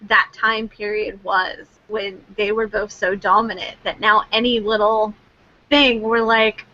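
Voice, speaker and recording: A woman co-hosting a casual chat, animated and laughing as she acts out reactions. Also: mid-range voice, measured pace, dry recording, muffled recording. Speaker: co-host.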